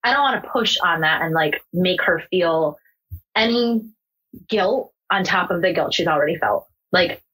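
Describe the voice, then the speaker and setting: Sharing her story as a podcast guest, the young American woman is expressive, candid and raw, swearing and saying "like" a lot. Her low, husky, breathy voice moves at a moderate pace with a slightly bright edge, and the recording is rough.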